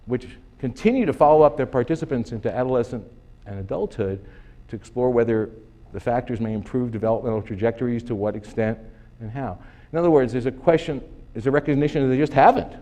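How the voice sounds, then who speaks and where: A man's voice: medium pitch, warm tone. A man giving a conference lecture, emphatic and sarcastic, asking rhetorical questions. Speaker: conference speaker. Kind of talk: lecture presentation. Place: conference hall.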